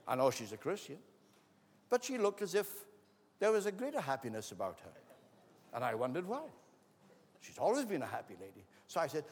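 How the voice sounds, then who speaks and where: A man's voice: on the high side, sing-song, moderate pace, pauses often. Man preaching in an echoing hall. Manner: anecdotal, acts out quoted voices. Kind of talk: sermon with storytelling. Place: church hall. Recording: long reverb of a large hall.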